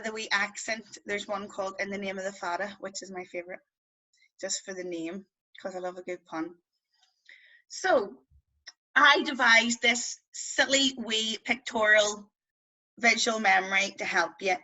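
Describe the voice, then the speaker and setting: Bright-voiced Belfast woman teaching a class. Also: mid-range voice, low-quality recording. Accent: West Belfast. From Northern Ireland. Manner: chatty and playful, drawing out vowel sounds to demonstrate. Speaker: Irish language teacher. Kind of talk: online beginners' language class. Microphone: video call.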